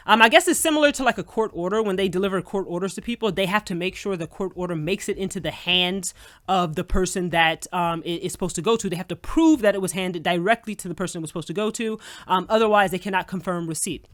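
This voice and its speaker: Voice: medium pitch, quick pace, a bit bright, no room sound, studio quality. A vlogger telling a personal story as a casual, indignant rant, swearing freely and talking straight to the viewers. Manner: profane, indignant, addresses viewers as y'all.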